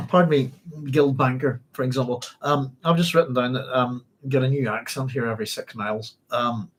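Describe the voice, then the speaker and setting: A man's voice: medium pitch, steady tone. A Northern Irish man hosting a book club, reading passages aloud and chatting about them in a rambling way full of ums and restarts, with a cough now and then. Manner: rambling, halting, with frequent ums and self-corrections.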